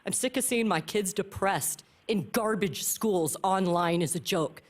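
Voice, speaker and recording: A woman delivers a fierce public comment at a county meeting in a mid-pitched voice. She speaks bluntly and angrily, drilling home the same phrase again and again into the podium mic. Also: unhurried. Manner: angry, blunt, repeating phrases for emphasis. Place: county commission meeting room.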